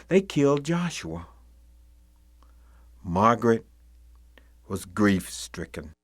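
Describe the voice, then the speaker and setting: A man telling a ghost story, swelling loud for the mob's cries and sinking to near-whispers. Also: on the low side, dry recording, clean studio sound.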